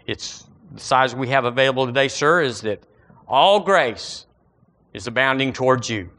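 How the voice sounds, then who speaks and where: A man's voice: mid-range voice, lively intonation, normal speed, pushed and bright. A man voicing God as a polite male customer-service clerk, with courteous salesman patter. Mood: obliging.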